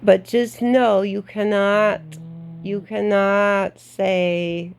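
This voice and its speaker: Blunt, gravelly-voiced woman giving advice. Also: mid-range voice, flat delivery, drawn-out words. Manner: blunt, outspoken, laughing asides. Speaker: golf club membership adviser.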